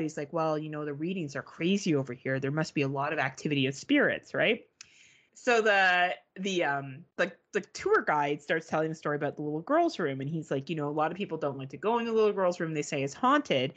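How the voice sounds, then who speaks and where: Lively swearing woman telling stories. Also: on the low side, fairly quick. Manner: animated, swearing, mimics beeping sounds. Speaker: podcast co-host. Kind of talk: casual storytelling chat.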